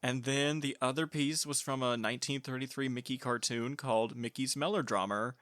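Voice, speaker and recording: A man co-hosting a casual podcast, his voice bright and forward. He chats loosely, laughing often and trailing off into fillers. The sound is dry and close to the mic. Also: medium pitch, fairly even intonation, a little fast, no room sound. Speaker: podcast co-host. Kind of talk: casual chat.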